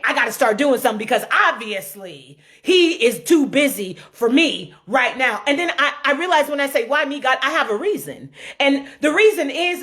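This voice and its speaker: A woman giving an informal sermon with dramatic swings from shouts to low, quiet lines and humorous asides. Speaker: preacher.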